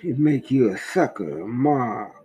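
A man's voice: mid-range voice, expressive, unhurried, darkish tone, breathy edge, rough recording. A man hosting a reflective monologue, asking rhetorical questions as he tells a story. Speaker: podcast host.

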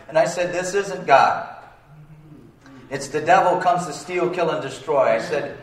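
A man's voice: on the high side, a little slow, long pauses. A man preaching a sermon as pastor, talking in plain colloquial speech and asking the congregation for amens. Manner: call-and-response, asking for amens. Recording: roomy sound, distant from the mic.

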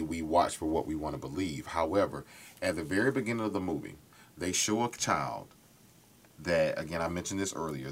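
Podcast co-host, male, low-pitched, heated and profane, pushes into loud bursts. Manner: passionate, profane, builds to loud outbursts. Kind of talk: casual podcast debate.

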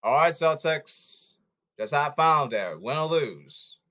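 Animated, hectoring male sports podcaster. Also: a little high, slow. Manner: blunt, hectoring, repeats himself. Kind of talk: casual sports commentary monologue.

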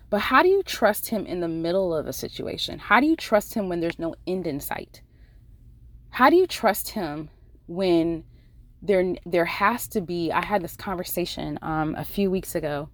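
Speaking at a moderate pace, a woman with a fairly low, fairly bright voice and lively intonation delivers an earnest Bible devotional. She's an ICU nurse and devotional podcast host who talks casually, often restarting sentences, recorded dry and close without room echo.

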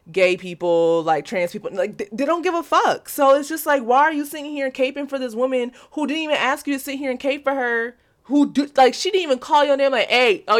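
A young adult woman hosting a solo podcast, ranting bluntly and profanely with constant "like" fillers. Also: mid-range voice. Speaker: podcast host. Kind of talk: casual solo podcast rant.

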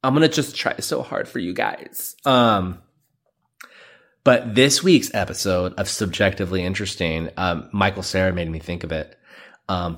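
A man's voice: deep voice, a bit bright, no room sound, studio quality. A young man hosting his own podcast, rambling and joking about himself, often saying "dude". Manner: rambling, self-mocking, says "dude" a lot. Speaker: podcast host. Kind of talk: solo podcast monologue.

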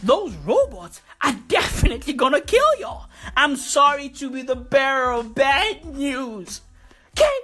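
A woman's voice: sits high, very animated, measured pace, faint music behind. Swearing woman's comedy rant. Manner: loud, swearing, mocking, full of slang.

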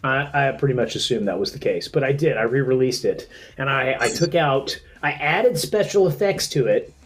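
A man's voice: mid-range voice, animated, moderate pace. A man co-hosting a casual comedy podcast, rambling with restarts and laughing often. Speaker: podcast co-host and editor.

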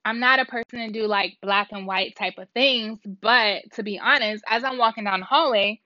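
This vlogger's voice is a little high and moves at a normal speed as she casually recounts a story, rambling along and acting out what people said with animation. The dry recording sounds dull and lo-fi.

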